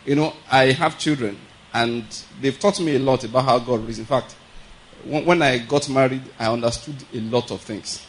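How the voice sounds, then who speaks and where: A man's voice: medium pitch, normal speed, rough recording. A man preaching a sermon in a conversational teaching manner, often checking that the listeners follow and chuckling as he goes.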